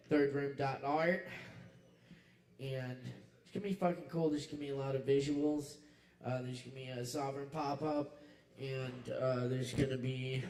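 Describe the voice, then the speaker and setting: A man hosting a poetry open mic in a kava bar, making casual announcements with a relaxed drawl and lots of fillers. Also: medium pitch. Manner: laid-back, drawling, many fillers. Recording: roomy live venue sound.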